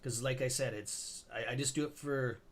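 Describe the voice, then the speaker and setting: A man's voice: mid-range voice, steady tone, moderate pace. A middle-aged Canadian man hosting a stock trading livestream, rambling loosely and greeting viewers by name in a friendly, casual way.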